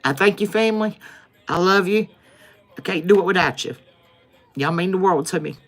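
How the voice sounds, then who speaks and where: A woman's voice: fairly low pitch, normal speed, faint music behind. A woman closing a tarot livestream in an emphatic, repetitive, preacher-like way. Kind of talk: spiritual livestream sign-off.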